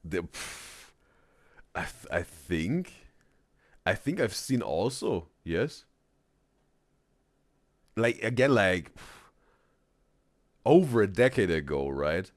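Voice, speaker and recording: Reaction streamer: a lower-voiced man with a lively, bouncing delivery, dry close mic, laughs and says bro constantly. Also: dry recording. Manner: laughs often, calls people "bro"; halting, trails off mid-sentence. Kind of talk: live reaction commentary.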